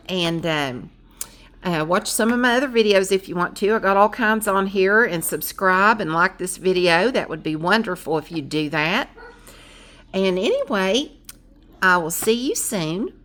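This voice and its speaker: Loud brash woman vlogging. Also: lowish voice. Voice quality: loud, brash, laughs often. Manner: rambling, animated, frequent fillers. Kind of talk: casual chatty vlog.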